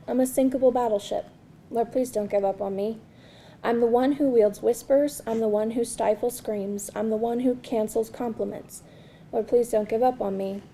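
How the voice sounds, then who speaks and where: Gravelly woman reading poetry aloud. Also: on the high side, dark tone, a little hiss or hum. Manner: slow, earnest, repetitive refrain. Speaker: poet reading her work. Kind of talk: spoken word poetry reading.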